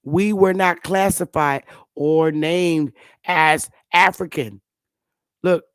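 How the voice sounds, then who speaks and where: A woman hosting a casual livestream, talking bluntly with profanity and excited exclamations. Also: low-pitched, slow pace, clear, resonant tone, no echo. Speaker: livestream host.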